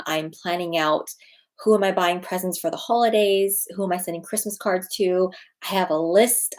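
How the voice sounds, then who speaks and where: A woman's voice: on the low side, low-quality recording. A woman in her thirties, a people skills coach, telling a personal story in a casual advice vlog, repeating key phrases for emphasis. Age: 30s. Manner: animated storytelling with frequent repetition for emphasis.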